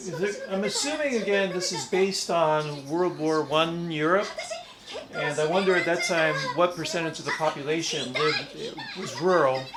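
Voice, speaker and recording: A man's voice: a little high, moderate pace, over a noisy crowd. Man musing aloud over an episode. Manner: thinks aloud, muses and guesses while watching. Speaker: reaction video host. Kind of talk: casual reaction commentary.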